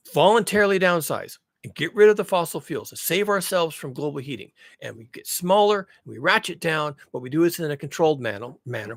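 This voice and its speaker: A man's voice: on the high side, a bit bright, no echo, clean studio sound. A man delivering a blunt, profane ranting monologue, hammering his points with repetition. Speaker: vlogger.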